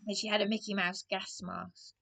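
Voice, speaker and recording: A middle-aged woman from England, delivering a rambling rant to camera, halting with many restarts and dropping into hushed asides. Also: mid-range voice, little pitch movement, creaky. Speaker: vlogger.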